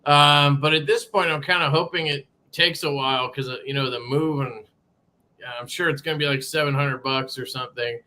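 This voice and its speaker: A man's voice: fairly high pitch, fairly even intonation, brisk, sharp tone. A man hosting a casual live stream from a sparse room at home, greeting chatters by name in a loose, swearing way. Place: home room being moved into.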